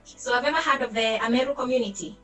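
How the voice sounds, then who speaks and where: A woman's voice: fairly high pitch, racing, fairly bright tone, soft background music, rough recording. A young Kenyan woman on a panel, telling her career story openly and laughing easily. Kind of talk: online panel discussion. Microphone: video call.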